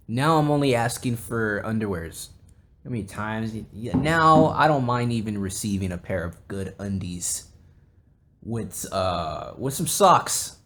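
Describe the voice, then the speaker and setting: A man's voice: mid-range voice, a bit bright. A man hosting a podcast, chatting casually in a rambling, jokey way with a lot of swearing. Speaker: podcast host.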